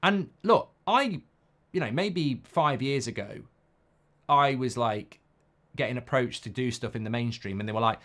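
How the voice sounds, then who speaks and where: A man's voice: mid-range voice, measured pace, fairly bright tone. A man hosting a live football watchalong, talking bluntly and reacting to the game while reading viewer comments.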